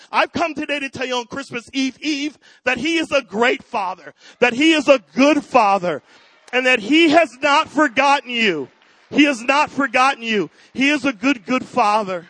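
A middle-aged pastor with a high voice preaches a sermon. He moves from quiet personal storytelling to loud, fervent declarations. The sound is dry, with little room around it. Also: no echo, rough recording.

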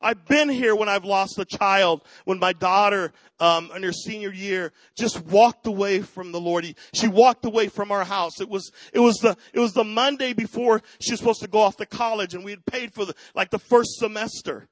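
Middle-aged male pastor, high voice, dry close sound; storytelling sermon that builds to fervent shouts. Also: normal speed, few pauses, dry recording, rough recording. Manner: personal storytelling that swells into loud preaching.

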